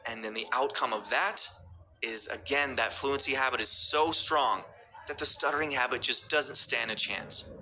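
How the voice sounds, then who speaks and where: A man's voice: mid-range voice, moderate pace, sharp tone, poor audio. A man coaching stuttering, talking through speech techniques in an upbeat, encouraging way and demonstrating them by stretching and over-articulating words. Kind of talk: instructional workshop talk.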